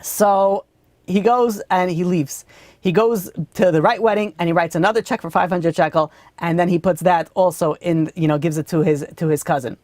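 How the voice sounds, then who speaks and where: Storytelling rabbi with a dry sound. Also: male voice, high-pitched, moderate pace, a little mellow, no room sound. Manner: conversational, acts out story dialogue, many fillers. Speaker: rabbi teaching a weekly class. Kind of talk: storytelling lesson.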